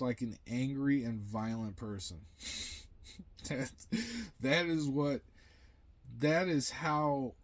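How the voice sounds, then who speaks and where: A man's voice: medium pitch, darkish tone. A young man venting in a blunt, profane, rambling monologue to camera. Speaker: vlogger.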